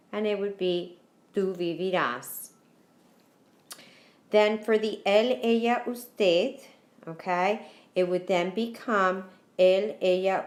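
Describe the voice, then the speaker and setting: Slow, patient woman teacher, echoey room. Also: on the low side. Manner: patient, repeats key points, spells out endings letter by letter. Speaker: Spanish teacher. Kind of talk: recorded whiteboard lesson.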